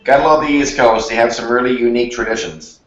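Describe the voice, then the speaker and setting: A man's voice: medium pitch, steady tone, quick pace, a bit bright, highs cut off. A man from Newfoundland teasing the others in a slangy, casual way. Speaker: livestream guest. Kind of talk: casual chat. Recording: roomy echo.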